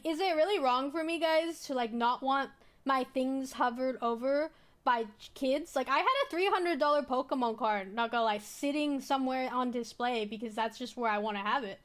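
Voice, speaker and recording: A young woman streamer with a high voice tells a personal story in a loose, chatty way. She rambles, restarts her sentences and fills them with little fillers. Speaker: VTuber streamer.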